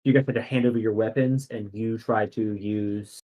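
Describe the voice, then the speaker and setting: A man's voice: fairly low pitch, steady tone, moderate pace, narrow, tinny audio. A man narrating as game master in a casual way, with many fillers.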